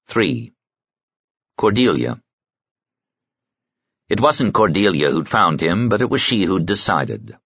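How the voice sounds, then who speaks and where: Low-voiced guy narrating an audiobook, somber and measured, dry slightly muffled audio. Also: big pitch swings, creaky, fairly bright tone, husky, no room sound. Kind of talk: scripted narration.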